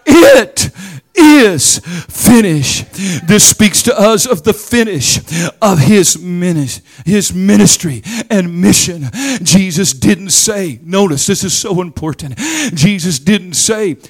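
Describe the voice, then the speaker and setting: High-voiced, slow, fervent preacher man. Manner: fervent preaching that swells into shouted, chanted cadences. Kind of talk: sermon. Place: church service.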